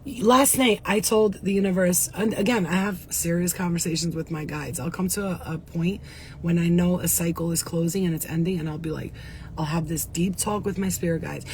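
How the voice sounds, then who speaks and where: A woman vlogging casually about spirituality, chatty and repetitive, swearing now and then, with a voice roughened by coughing. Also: on the low side, fairly even intonation, moderate pace, a little mellow, slight background noise. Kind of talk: casual spiritual talk to viewers.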